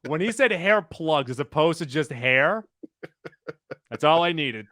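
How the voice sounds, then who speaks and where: A man co-hosting a podcast in casual chat, briskly announcing entries of a countdown. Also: a little high, lively intonation, bright, forceful tone, dry recording, studio quality. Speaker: podcast co-host.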